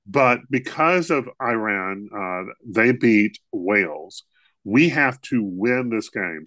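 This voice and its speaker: A man's voice: medium pitch, fairly bright tone, no room sound. Jokey, rambling man co-host. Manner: jokey, rambling, laughs often. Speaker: podcast co-host. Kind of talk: casual comedic chat.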